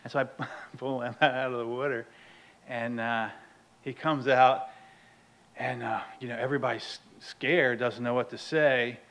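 A man sharing a humorous personal story at a recovery meeting, animated and laughing often. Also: medium pitch, a little slow, poor audio. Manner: animated, laughs often, acts out his own outbursts loudly.

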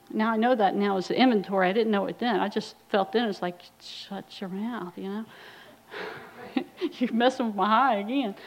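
A woman's voice: a little high, darkish tone, poor audio. A middle-aged woman giving a personal recovery testimony, telling her story bluntly and wryly, with quoted asides. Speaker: recovery speaker.

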